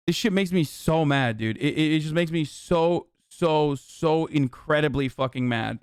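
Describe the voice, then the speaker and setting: A man tears into a topic on his stream with heated, profanity-laced commentary. His voice sits fairly high for a man. The sound is close and dry, with no room echo. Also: normal speed, few pauses, clear, resonant tone. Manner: profane, angry ranting.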